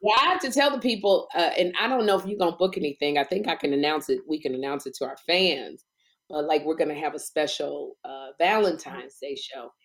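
Woman talk show host chatting. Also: deep voice. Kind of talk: casual chat.

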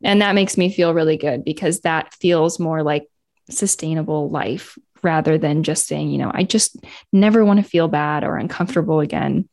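A woman's voice: sits low, normal speed, creaky, a little mellow. A woman hosting an interview who reflects on what her guest has said and then moves the talk along. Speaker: host.

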